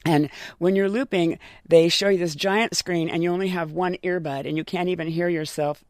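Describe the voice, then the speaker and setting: A woman voice actor chatting in an interview, telling lively stories with frequent laughs. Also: on the low side, normal speed, dry recording, clean studio sound. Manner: lively anecdotal storytelling with laughs. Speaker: voice actor guest. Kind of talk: casual interview chat.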